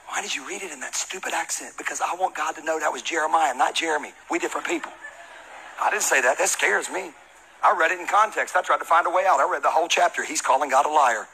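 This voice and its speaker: A man who is a pastor, giving a humorous, conversational sermon and shouting out Bible readings. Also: a little high, quick pace, breathy edge, low-quality recording.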